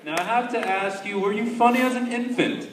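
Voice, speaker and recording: A man hosting a talent show, upbeat and throwing a quick question at the contestant. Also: very high-pitched, heavy background noise. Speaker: show host. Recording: distant echoey hall with crowd.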